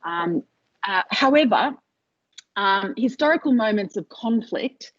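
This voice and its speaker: A woman's voice: medium pitch, expressive, measured pace, no room sound. A woman giving an academic seminar talk over a video call, hesitant, with many fillers and restarts. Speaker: lecturer. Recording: dull lo-fi video call audio.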